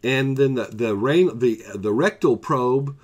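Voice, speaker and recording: A man's voice: mid-range voice, takes it slowly, darkish tone. A man telling a personal story in a casual vlog, rambling, with fillers and asides.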